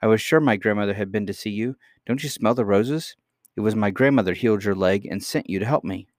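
A man doing a gentle young princess. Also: lowish voice, fairly quick, no echo, studio quality, close to an everyday voice. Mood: eager.

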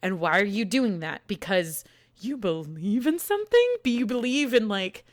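A woman's voice: mid-range voice, very animated, moderate pace. A woman from the United States talking in a casual, rambling chat, swearing a lot and getting emotional as she tells her story.

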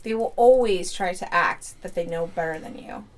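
A woman in her thirties talks casually as a podcast co-host. She is blunt and swears freely, and she acts out the people in her stories with lively put-on voices. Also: on the low side, normal speed. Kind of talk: casual chat.

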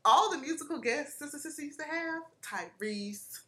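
Bright, lively young woman with strong opinions. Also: high-pitched, moderate pace. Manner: opinionated, teasing, laughing often. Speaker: podcast co-host. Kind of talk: casual chat.

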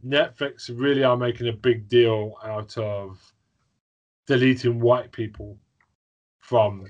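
A man in casual conversation, relaxed and opinionated in a measured way. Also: medium pitch, dull audio. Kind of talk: casual chat.

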